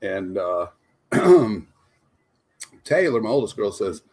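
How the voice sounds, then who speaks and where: Guy on a couch panel telling kid stories, kinda husky, voice jumps all over. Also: fairly low pitch, slow pace, pauses often. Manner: animated, laughing while telling stories. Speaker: panelist parent. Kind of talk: casual storytelling.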